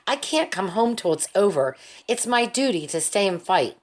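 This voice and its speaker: A woman's voice: medium pitch, sing-song, moderate pace. A woman reading the lines of a stubborn, tired young soldier in an audiobook, in a weary, insistent way. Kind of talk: audiobook character voice.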